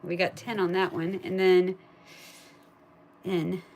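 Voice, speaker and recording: Slow, chatty woman thinking aloud. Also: lowish voice, a little hiss or hum. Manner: gets excited and loud at wins; coos to her pet. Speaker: live streamer scratching lottery tickets. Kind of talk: casual live-stream chat.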